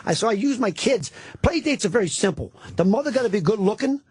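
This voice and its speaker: A man's voice: high voice, fast talker, husky, no echo. A middle-aged man telling rambling, profane stories in casual talk-radio banter as a comedian guest. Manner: profane, rambling, animated storyteller.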